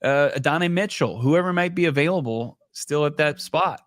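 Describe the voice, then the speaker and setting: A man's voice: fairly high pitch, normal speed, no echo. A man co-hosting a sports podcast, talking in a loose, rambling way and often restarting his sentences in a studio. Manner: rambling, self-correcting, conversational. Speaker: podcast co-host. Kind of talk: casual sports podcast chat.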